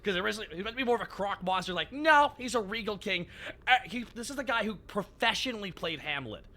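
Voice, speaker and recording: A man hosting a live stream, chatting casually in an animated, profane way. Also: sits high, fast talker. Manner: animated, profane, laughing often. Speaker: streamer host.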